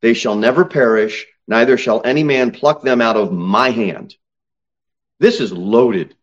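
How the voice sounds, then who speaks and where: A male pastor preaching a sermon from the pulpit, reading scripture and pressing his points with slow, emphatic stresses and sudden raised peaks. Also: mid-range voice, lo-fi sound. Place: church sanctuary, at the pulpit.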